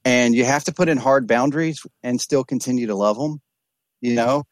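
In an open podcast conversation, a man who counsels people with addiction speaks earnestly and reflectively. He is from East Texas and often restarts and repeats words. His medium-pitched voice moves at a moderate pace, with no room sound.

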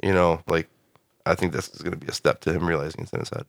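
A man co-hosting a podcast, relaxed and casual, laying out his own theories about a TV show. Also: low-pitched, fast, vocal fry, no echo, clean studio sound. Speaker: podcast co-host. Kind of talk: casual chat discussing a TV show.

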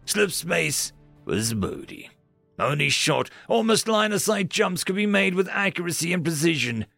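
A man narrating a science fiction story in a steady, measured way. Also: high voice, creaky, faint music behind. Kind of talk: scripted sci-fi story narration.

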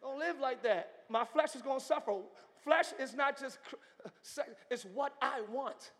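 A male pastor preaching a live sermon in a large church, moving from hushed talk to shouting. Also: very high-pitched, moderate pace. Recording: long church hall reverb.

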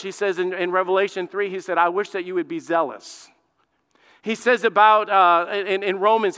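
A man with a high, bright, ringing voice preaches a sermon in an emphatic, stirring way. His clear tone carries a long church hall reverb. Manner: emphatic, rising to loud repeated exclamations. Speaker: pastor.

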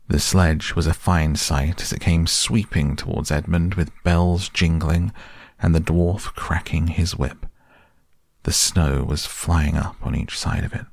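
A man reading a storybook aloud as narrator, in a measured, deliberate way. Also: low-pitched, vocal fry, darkish tone, slightly rough, no echo, studio quality.

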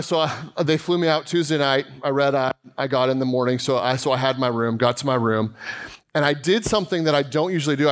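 Guy pastor giving a sermon, talkative, jokes at himself, kinda storytelling vibe. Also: medium pitch. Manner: chatty, self-deprecating storytelling with laughs. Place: church.

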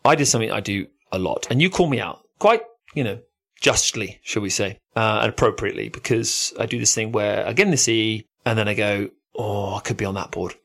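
A man's voice: fairly low pitch, a little fast, gravelly, fairly bright tone. A man co-hosting a surf podcast, talking things over in a reflective, thoughtful way. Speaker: podcast co-host. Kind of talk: casual chat.

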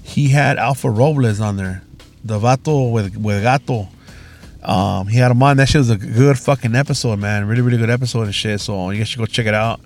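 A man's voice: fairly low pitch, fairly quick, darkish tone. A man hosting a podcast, telling profane, slangy stories and acting out the quotes. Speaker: podcast host. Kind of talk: casual chat.

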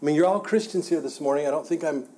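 A man leads a church Bible class with a mellow, warm tone that sits a touch higher than most men's. He talks conversationally, often doubling words and restarting sentences as he works through his points. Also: fast. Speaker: Bible study teacher.

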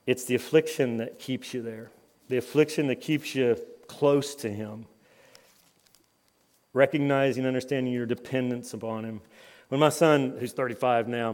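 A man in his fifties giving a conference sermon, telling personal stories with lively rises and drops in his voice. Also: mid-range voice. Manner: lively storytelling, voice rising and dropping with the tale. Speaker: conference speaker. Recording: long hall reverb.

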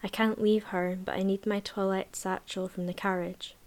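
A woman reading a book aloud, voicing a timid young maid in a high, whispery, raspy voice. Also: level tone, moderate pace, darkish tone, close to an everyday voice. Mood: meek. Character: timid young female maid, meek and fretful.

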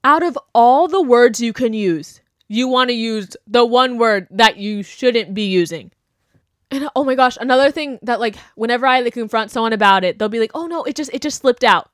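Young female podcast host, casual and blunt, mocking tone, slightly high pitch. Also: normal speed, dry recording, clean studio sound. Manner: blunt, animated, mocking quotes. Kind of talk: casual opinion chat.

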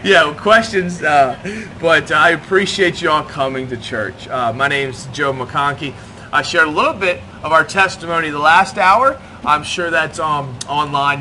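In a church hall, a middle-aged man delivers a sermon as pastor, talking to the congregation with self-deprecating humor. His voice is a little high and sharp in tone, and the audio carries a slight hiss or hum.

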